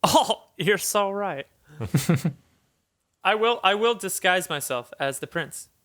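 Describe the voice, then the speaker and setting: A man's voice: sits high, expressive, takes it slowly, bright, forceful tone. A man playing a tabletop game, playful and giggly. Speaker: player.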